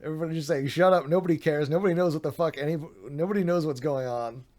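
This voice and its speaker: A man's voice: on the high side, fast talker, darkish tone. A man streaming late at night, reading out online drama with tired, sardonic commentary, swearing and laughing. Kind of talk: casual live-stream commentary.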